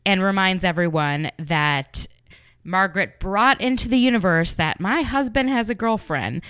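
A woman hosting a podcast, recapping reality television in an animated, gossipy way and acting out the cast members' quoted lines. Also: medium pitch, normal speed, clear, resonant tone, no echo, studio quality. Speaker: podcast host.

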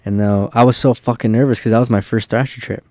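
A man's voice: medium pitch, fairly even intonation, quick pace, a little mellow, no room sound, studio quality. A young man telling a long, loose road-trip story in casual chat, swearing freely and filling his talk with "like". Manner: loose and profane, full of fillers.

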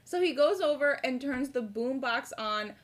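A young woman co-hosting a casual rewatch podcast, retelling scenes in an animated way, swearing freely and acting out the characters. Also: high-pitched, normal speed. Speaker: podcast co-host.

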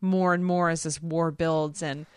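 Casting note: woman podcast co-host, lowish voice, dry close sound, animated plot recaps. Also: unhurried, clean tone, no room sound. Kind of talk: casual chat.

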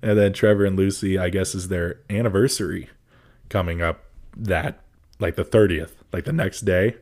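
A man's voice: low-pitched, normal speed. A young man chatting casually with a friend, swearing a lot and telling stories with plenty of laughter. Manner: animated storyteller, swears a lot, laughs often. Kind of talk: casual chat between friends.

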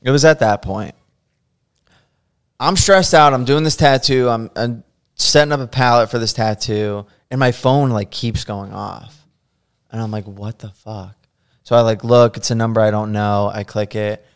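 A man telling a story in casual chat as a podcast guest. He gets animated, laughs as he goes and acts out what people said. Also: mid-range voice, moderate pace, clear, resonant tone.

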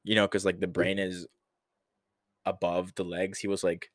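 A man's voice: sits low, level tone, moderate pace, dry recording, studio quality. A young man hosting a casual solo podcast, rambling through stories with lots of fillers and chuckling at himself. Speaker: podcast host.

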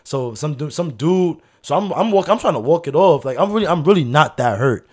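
A man telling a story in casual chat, animated and slangy, acting out other people's voices and laughing often. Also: a little high, brisk.

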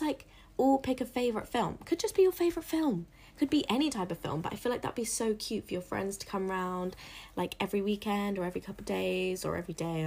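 A woman's voice: medium pitch, darkish tone, slightly rough. Chatty young woman vlogging. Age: young adult. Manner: chatty, rambling, self-deprecating with frequent asides and whispers. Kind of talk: casual chat to camera.

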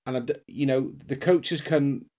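A man in casual sports chat, giving a blunt, deliberate breakdown of a loss. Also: mid-range voice, mellow.

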